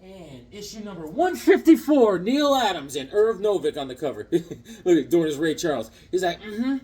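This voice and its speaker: A man's voice: high-pitched, very animated, normal speed, mellow, slightly rough. A middle-aged man in a casual vlog, telling a childhood story between comics, full of fillers and restarts. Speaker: comic book collector. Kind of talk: casual show-and-tell vlog.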